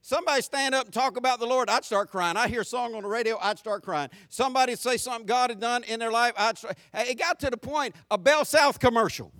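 A middle-aged man preaching a sermon, telling stories with loud animated asides and soft, low reflective stretches. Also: fast, few pauses, no room sound, clean studio sound. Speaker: pastor.

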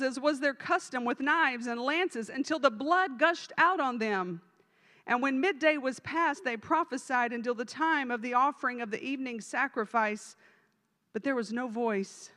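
A woman's voice: fairly high pitch, a bit bright, big-room sound. A woman evangelist preaching a sermon in a church, speaking emphatically and directly to the congregation. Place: church sanctuary.

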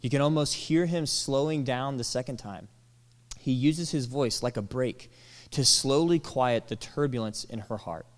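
A man preaching a sermon, animated, acting out quoted lines and dropping to soft, tender tones. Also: mid-range voice, moderate pace. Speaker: pastor. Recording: long hall reverb.

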